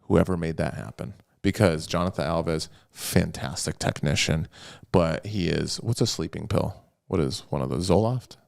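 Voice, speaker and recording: A man's voice: deep voice, moderate pace, vocal fry, few pauses. A man co-hosting a podcast, talking casually and animatedly about matches, joking and rambling. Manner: animated, jokey, rambling storyteller. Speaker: podcast co-host. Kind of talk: casual chat.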